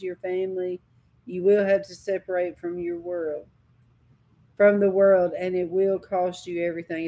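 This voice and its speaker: Slow, impassioned woman preacher. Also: on the low side, mellow. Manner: impassioned, dramatic storytelling with sudden cries. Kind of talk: sermon with personal testimony.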